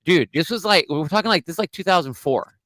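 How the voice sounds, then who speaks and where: A man's voice: fairly high pitch, lively intonation, fast, a bit bright, no room sound. A middle-aged man co-hosting a podcast, rambling through an old memory in casual chat with frequent restarts. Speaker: podcast co-host.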